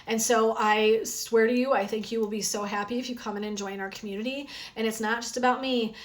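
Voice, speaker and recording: A woman's voice: fairly high pitch, brisk. A woman wellness coach chatting energetically on a phone live stream, with a sore throat from talking. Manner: chatty and energetic, frequent "um" and "right?". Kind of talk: casual live stream chat.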